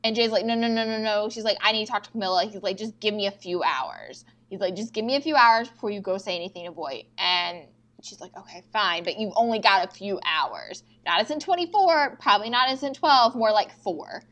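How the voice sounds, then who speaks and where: A woman's voice: medium pitch, animated, a little fast, hardly any pauses, fairly bright tone. A young woman co-hosting a podcast, animatedly retelling TV scenes with quoted dialogue and frequent swearing. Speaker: podcast co-host recapping episodes. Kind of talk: casual chat.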